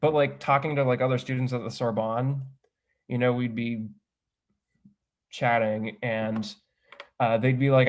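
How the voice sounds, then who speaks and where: A man's voice: mid-range voice, steady tone, measured pace, pauses often. A young man who is a student panelist, describing his time abroad in a chatty, casual way, filling his speech with "like" and correcting himself as he goes. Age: young adult. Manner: chatty, heavy use of "like", self-correcting.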